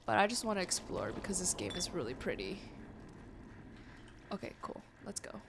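A woman's voice: on the low side, very animated, normal speed, gravelly, a little hiss or hum. A young woman hosting a gaming channel, reacting to the game as she plays, easily startled, talking to the game and her chat with gasps and exclamations. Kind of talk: casual let's-play commentary.

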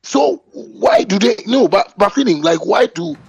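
This is a heated boastful rant from a Ghanaian man, whose Ghanaian English accent carries his indignant bragging at a critic, his pitch going up when he's riled. He's very animated but measured in pace, with a gravelly, husky, slightly mellow voice on a lo-fi recording.

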